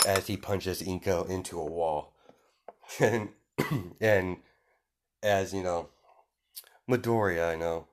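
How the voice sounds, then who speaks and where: A man's voice: deep voice, takes it slowly, long pauses. A man casually retelling a made-up story off the cuff, rambling with lots of fillers and restarts.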